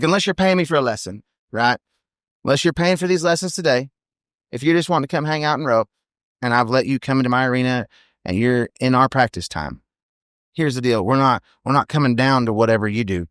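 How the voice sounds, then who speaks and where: A man, a podcast guest telling blunt, rapid stories in casual chat. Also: medium pitch, a bit bright, dry recording, clean studio sound. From United States. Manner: blunt, fast storytelling with many "you know what I mean"s. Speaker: podcast guest, team roper.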